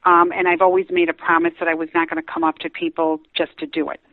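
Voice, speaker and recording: A woman's voice: fairly low pitch, little pitch movement, fast talker, dry recording. A woman who is a psychic medium, telling a story in a chatty way with many fillers, heard over a phone line. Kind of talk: storytelling, casual chat. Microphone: telephone. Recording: narrow phone-line audio, dry.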